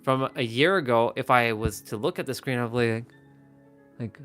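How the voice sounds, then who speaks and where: Bright-voiced man chatting on a livestream. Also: medium pitch, normal speed, soft background music. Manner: rambling, many restarts and fillers. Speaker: livestream host. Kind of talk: casual live-stream chat. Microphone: phone or webcam, facing camera.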